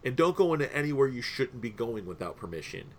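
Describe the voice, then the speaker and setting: A young man co-hosts a casual podcast and rambles through advice and stories in a middle-pitched voice. He peppers his talk with fillers and laughs. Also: very animated, fast. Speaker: podcast co-host.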